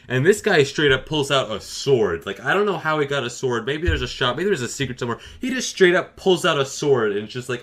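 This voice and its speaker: A man telling a comedic gaming story with dry, sarcastic boasting. His pitch swings widely through the telling, and his voice is bright and forceful.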